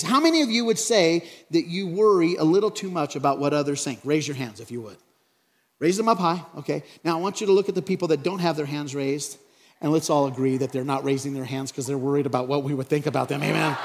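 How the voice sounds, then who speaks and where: Male pastor, sermon, slightly high voice, playful and chatty, big echoey hall. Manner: playful, acts out little scenes in funny voices. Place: large church hall.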